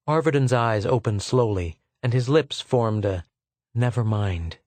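A man narrating a science fiction novel in a measured, unhurried way. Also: mid-range voice, darkish tone, no room sound. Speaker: audiobook narrator. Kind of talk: scripted narration.

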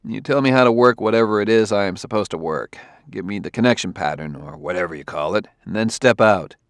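Casting: man reading a brusque detective, low and gravelly, barking orders. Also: moderate pace, dry recording, natural voice. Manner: brusque, commanding. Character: blunt, impatient male detective.

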